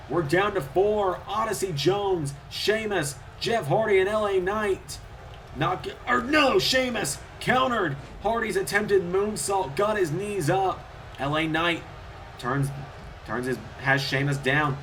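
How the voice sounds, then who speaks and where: A man giving solo play-by-play commentary over a wrestling video game, getting louder and higher at the big moves. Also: measured pace, a little hiss or hum. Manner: excitable, rises in pitch and volume at big moves.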